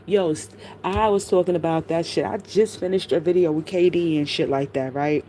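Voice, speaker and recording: A woman's voice: on the low side, moderate pace. A woman in casual live-stream commentary, telling rambling stories to her chat with heavy profanity. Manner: profane, animated, rambling storytelling.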